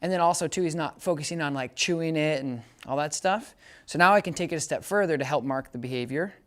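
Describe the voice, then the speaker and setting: A man working as a dog trainer, giving a casual hands-on training demo. He talks in a chatty way, often checks that the listener understands, and gives bright, upbeat praise commands to the dog. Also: a little high, quick pace.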